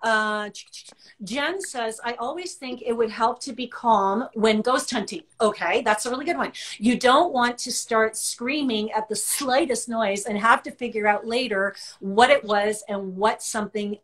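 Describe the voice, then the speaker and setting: A woman's voice: fairly high pitch, measured pace. A woman psychic hosting a live-stream talk, reassuring her audience and reading out viewer comments. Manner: warm, reassuring, reads viewer comments aloud. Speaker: psychic and show host.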